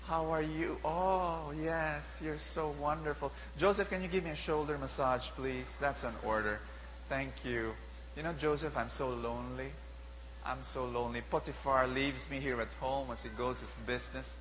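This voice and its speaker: A man voicing a lonely, flirtatious and bossy rich woman, cooing and pleading softly. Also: medium pitch, fairly even intonation, moderate pace, slight background noise, pitched below the performer's own voice, close to an everyday voice. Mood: sultry, pleading. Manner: soft, cooing and pleading, drawn out. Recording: dull lo-fi sound with long hall reverb.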